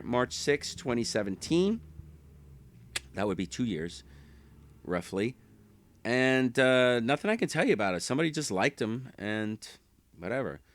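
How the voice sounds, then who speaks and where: Chatty man with a smooth, dry voice. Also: mid-range voice, fairly bright tone, dry recording. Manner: chatty, rambling, self-correcting, chuckles. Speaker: eBay reseller vlogger. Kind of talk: casual talk to camera.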